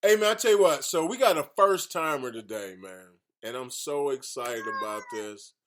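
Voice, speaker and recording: A man's voice: medium pitch, normal speed, noisy background. A man hosting a casual radio talk show, boisterous and joking, repeating his phrases as he introduces guests.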